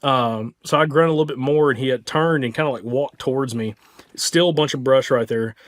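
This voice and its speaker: A man with a Southern US accent, hosting a podcast, tells a hunting story in an excited, casual way, full of "like" and "dude". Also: medium pitch, brisk. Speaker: podcast host.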